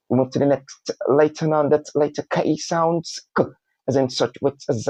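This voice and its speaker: A man teaching a phonics lesson, spelling out letters one by one and repeating each word slowly. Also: mid-range voice, fairly even intonation, warm tone, no echo, poor audio.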